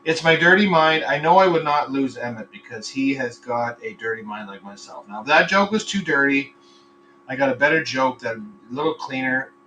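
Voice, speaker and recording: A man's voice: mid-range voice, moderate pace, sharp tone, far from the mic, slight background noise, low-quality recording. A man hosting a casual live podcast, rambling between topics, swearing freely and telling crude jokes. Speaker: podcast host. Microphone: computer microphone.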